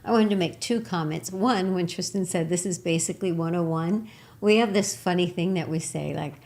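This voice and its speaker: A woman with a slightly low voice co-hosts a spiritual talk show. She is from Texas and tells stories with warm enthusiasm, laughing often between thoughts. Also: moderate pace. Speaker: co-host.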